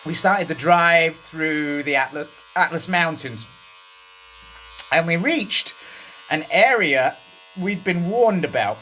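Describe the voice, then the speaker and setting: British male host, slow laid-back storyteller, lively pitch, faint buzz behind. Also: a little hiss or hum. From Britain. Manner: puts on a high voice when quoting others. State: high on chili extract while his head is shaved. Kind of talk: casual storytelling.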